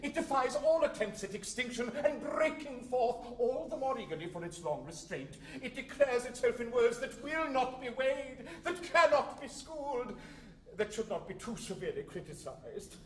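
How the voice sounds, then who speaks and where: A man's voice: extremely high pitch, expressive, normal speed. An actor playing a comic lovesick man in a stage light opera, pleading in overblown theatrical speech and singing a mournful ballad. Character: comic lovesick man wooing a fierce older woman. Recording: roomy stage sound with loud orchestra.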